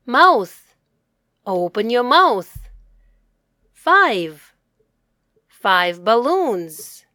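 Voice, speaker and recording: A woman giving an English reading lesson to a child, saying words slowly and clearly and repeating them for the learner. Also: a little high, fairly bright tone, no echo, clean studio sound.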